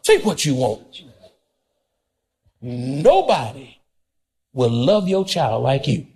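A man preaching a sermon as pastor, folksy and direct with the congregation, swinging between high and low and sometimes shouting. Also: sing-song, slow pace.

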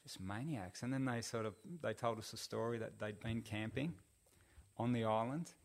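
A middle-aged man, a podcast guest telling a long story in a relaxed, rambling way full of fillers. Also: on the low side, normal speed. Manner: rambling, laid-back, lots of fillers. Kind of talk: casual storytelling.

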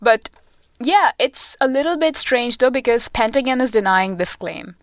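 A woman's voice: a little high, expressive, moderate pace, no room sound. A young woman co-hosting a podcast, explaining a science story in a casual, explanatory way with hesitations. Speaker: co-host presenting a science segment.

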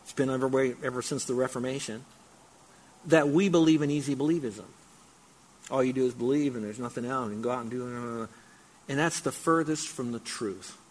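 A man's voice: mid-range voice, a little fast. A male pastor preaching a sermon, emphatic, breaking into mocking raised-voice asides.

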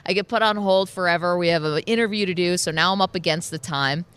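A woman's voice: lowish voice, quick pace, a bit bright, smooth. Laughing sleep-deprived woman co-host. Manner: laughing, storytelling, self-deprecating. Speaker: radio co-host. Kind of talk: casual sports radio banter.

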